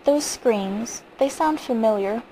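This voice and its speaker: A woman's voice: on the high side, slow, mellow, a little hiss or hum, poor audio. A woman reading the part of an anxious mother, speaking in an uneasy, questioning way.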